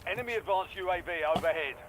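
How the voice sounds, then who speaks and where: A man's voice: high-pitched, lively intonation, rapid-fire, crowd noise. An actor playing a male military radio announcer in a shooter game, giving clipped callouts. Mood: clipped alert. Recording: loud game noise behind. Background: game sounds and vehicles.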